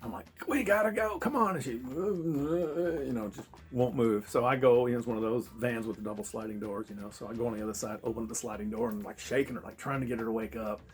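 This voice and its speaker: Fast-talking, profane male travel vlogger. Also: on the low side, faint music behind. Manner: profane, laughing, animated. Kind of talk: casual storytelling.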